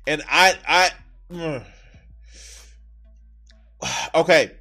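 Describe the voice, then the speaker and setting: High-voiced man ranting while streaming. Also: lively intonation, unhurried, fairly bright tone, faint music behind. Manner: heated, swearing rants and mocking asides. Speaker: streamer reacting to a video. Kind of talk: casual profane reaction commentary.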